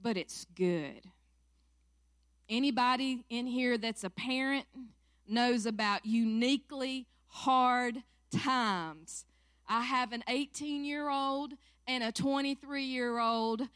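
A woman's voice: a little high, slow pace, fairly bright tone, no room sound, clean studio sound. A woman in her forties from South Carolina with a Southern accent, a church staff minister praying and sharing testimony in an emotional, earnest way. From South Carolina, USA. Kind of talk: prayer and personal testimony talk.

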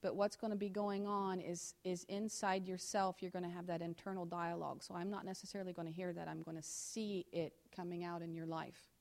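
Before a church congregation, a woman who ministers alongside her pastor husband teaches a sermon, her voice showing little pitch movement and some vocal fry. She reads scripture slowly, loudly and emphatically, then drops into quick, quiet, confiding asides. She speaks straight to the congregation, posing direct questions.

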